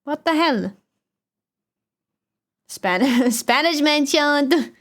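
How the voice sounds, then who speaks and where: A young woman speaks English with a Dutch accent in a relaxed livestream chat. Her voice sits a little high, and she rambles, swears casually and laughs between thoughts while reading chat. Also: very slow. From Netherlands. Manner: chatty and loose, swears, laughs often. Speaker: streamer.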